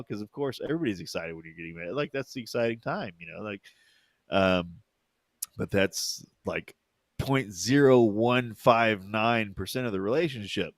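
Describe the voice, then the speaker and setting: A man's voice: lowish voice, unhurried, dry recording. A man co-hosting a podcast, telling rambling stories in casual chat, full of fillers and laughter. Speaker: podcast co-host.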